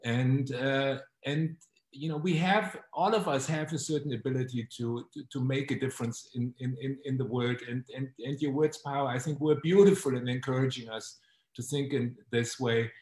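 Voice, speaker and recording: A man, a professor co-hosting a webcast panel, giving closing remarks on a video call in a thoughtful, halting way that repeats words. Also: mid-range voice, fairly even intonation, darkish tone. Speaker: professor and co-host. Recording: echoey room audio.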